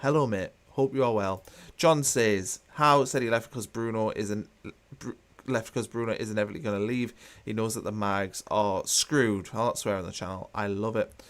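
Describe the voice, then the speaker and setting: A man with a fairly low voice hosts a live football watchalong. He talks casually and with strong opinions, restarting sentences and filling pauses as he reads comments aloud. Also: steady tone, a bit bright. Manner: opinionated, chatty, many fillers and restarts.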